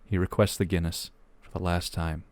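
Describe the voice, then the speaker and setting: Young man, podcast co-host, low-ish voice, casual joke reading, swears, laughs easily. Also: little pitch movement, normal speed, a little mellow, no echo. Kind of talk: casual chat, reading jokes aloud.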